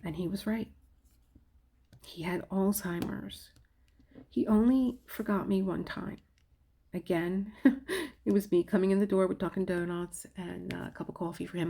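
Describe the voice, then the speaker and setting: A middle-aged woman telling a personal story candidly, halting often and restarting her sentences. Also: fairly low pitch, vocal fry. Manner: candid, halting, with frequent restarts and soft laughs.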